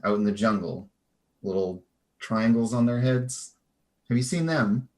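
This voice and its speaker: A man voicing a nervous small female kobold in a tabletop game, speaking quietly and hesitantly. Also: fairly low pitch, unhurried, natural voice. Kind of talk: tabletop game role-play.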